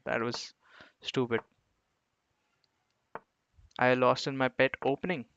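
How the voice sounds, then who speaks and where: A man's voice: mid-range voice, fairly even intonation, measured pace, long pauses, a bit bright, no room sound, lo-fi sound. A man streaming online chess games, chatting with his viewers and poking fun at his own blunders. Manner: chatty, talks to viewers, self-mocking about his blunders. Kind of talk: live commentary while playing online chess.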